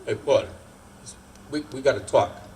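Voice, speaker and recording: Nervous middle-aged shop owner, stammering and evasive, as a storyteller puts him on. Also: male voice, medium pitch, unhurried, mellow, slight background noise, natural voice. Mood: uneasy. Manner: hesitant, stammering. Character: middle-aged Italian sub-shop owner, awkward about money.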